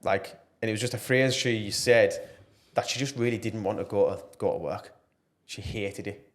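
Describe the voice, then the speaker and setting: A man's voice: lowish voice, moderate pace. A man talking earnestly and passionately as a podcast guest, with plenty of fillers. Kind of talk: casual podcast interview.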